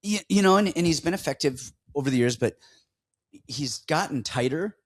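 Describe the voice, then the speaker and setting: A man's voice: a little high, expressive, normal speed. A man co-hosting a casual podcast, breaking down fights and joking around in a rambling way. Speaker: podcast co-host.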